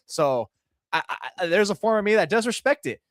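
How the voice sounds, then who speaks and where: A man co-hosting a casual sports podcast, talking quickly and laughing often as he acts out quotes. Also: high-pitched, lively intonation, dry recording, clean studio sound. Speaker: podcast co-host.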